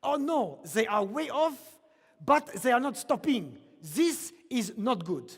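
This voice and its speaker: A man's voice: very high-pitched, big pitch swings, slow pace, slightly rough, pitched above the performer's own voice, full character voice. A man voicing an alarmed French-Canadian male stage colleague with a Quebecois French accent, speaking in urgent exclamations. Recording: long hall reverb.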